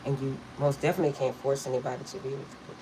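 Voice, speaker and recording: A woman's voice: extremely low pitch, flat delivery, very fast, noisy background. A middle-aged woman reading tarot, telling rambling stories to her viewers and laughing often. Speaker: tarot reader. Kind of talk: casual storytelling to viewers.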